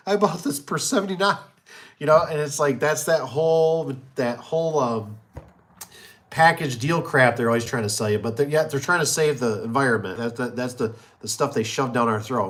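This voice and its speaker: A man's voice: medium pitch, a little fast. Give me a middle-aged man rambling in a folksy, casual way about his trade. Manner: rambling, folksy, talks with many fillers and restarts. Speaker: garage door and gate business owner. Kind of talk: casual chat.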